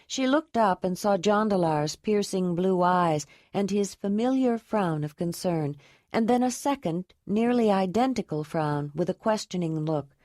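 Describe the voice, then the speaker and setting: A woman narrating an audiobook in a steady, even reading voice. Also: medium pitch, a little slow, no echo, clean studio sound. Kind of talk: scripted narration.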